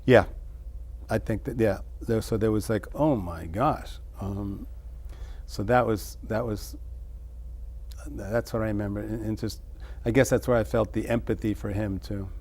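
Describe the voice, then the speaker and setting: A middle-aged man, an interview guest, musing over childhood memories in a halting way, with many restarts. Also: on the low side, little pitch movement, a little mellow. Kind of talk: reflective personal storytelling.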